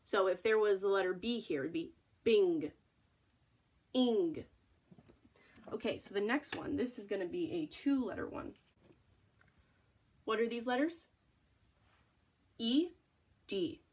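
A young woman teacher giving a phonics lesson for children, slowly sounding out letters and praising the class. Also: medium pitch. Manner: slow, encouraging, sounding out letters.

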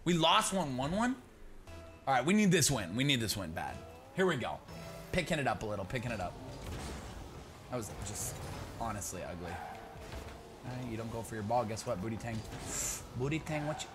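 A young man chatting through live gameplay, talking to his teammate and breaking into excited shouts. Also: medium pitch, fairly quick, pauses often, music in the background. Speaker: gaming YouTuber. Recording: background noise.

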